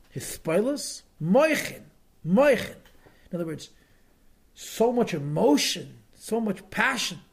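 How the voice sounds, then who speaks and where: A man with a gravelly, husky voice that sits a little high for a man. He tells a story as a lesson, repeating words for weight and acting out quotes with feeling. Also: a little mellow. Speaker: teacher telling a story.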